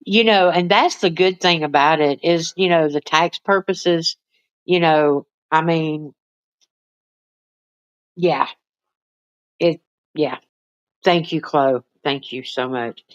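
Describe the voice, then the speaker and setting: This livestream host talks slowly, with long pauses, chatting and rambling to viewers while cooing at her pets in a high baby voice. Her phone recording has no room sound and a lo-fi quality.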